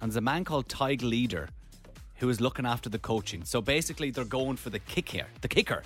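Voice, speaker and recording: Lively male radio co-host. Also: medium pitch, fast, soft background music. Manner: lively, storytelling, laughs often. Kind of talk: casual radio chat.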